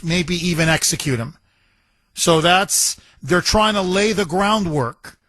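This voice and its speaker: A man's voice: high voice, fairly bright tone, no room sound. A man hosting a political talk radio show, emphatic and rhetorical, repeating phrases for effect.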